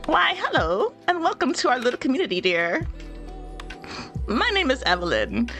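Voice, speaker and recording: A woman's voice: sits high, wildly swooping pitch, moderate pace, sharp tone, faint music behind, voice pushed up, full character voice. A woman voicing a sweet, welcoming elderly grandmother in a video game playthrough. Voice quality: old-lady voice.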